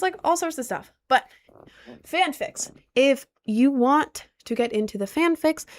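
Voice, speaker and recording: A woman chatting casually on a livestream, rambling and talking straight to her viewers. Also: a little high. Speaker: streamer and cosplayer.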